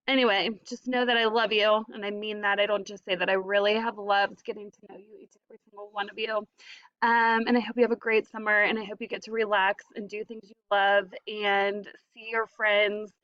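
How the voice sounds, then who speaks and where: A woman who teaches high school English, recording a farewell message to her students and speaking earnestly and directly to the class. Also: fairly bright tone, smooth, no echo. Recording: dull lo-fi, dry sound.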